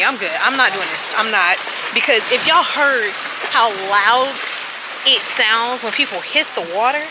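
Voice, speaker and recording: Chatty young woman over loud outdoor noise. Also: mid-range voice, animated, moderate pace. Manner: chatty, joking, laughs often, slangy. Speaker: travel vlogger. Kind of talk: casual vlog chat. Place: outdoors at a lakeside cliff.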